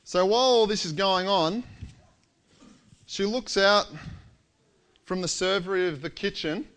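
A man preaching a sermon, telling a story with lively, acted-out quotes. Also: sits high. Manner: animated storytelling, acts out quoted lines.

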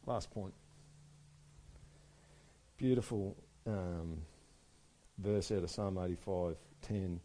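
A man preaching a sermon, moving between soft, quiet stretches and loud, emphatic passages. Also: low-pitched, slow, long pauses. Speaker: pastor.

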